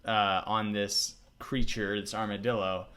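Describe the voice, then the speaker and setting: This coding tutorial host has a smooth, fairly low voice and a measured pace. Narrating to himself as he works, he turns loud and laughs with delight once the program runs.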